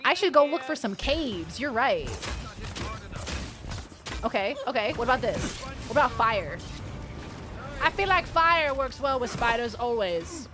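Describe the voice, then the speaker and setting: A woman streaming a game, chatting casually and reacting with animated outbursts and swearing. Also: fairly high pitch, measured pace, long pauses, over music. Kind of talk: casual gaming commentary.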